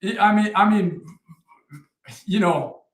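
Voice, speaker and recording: A man in his forties, a retired army first sergeant, telling war stories as a podcast guest in a profane, animated way. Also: high-pitched, slow pace. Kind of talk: casual war storytelling. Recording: roomy echo.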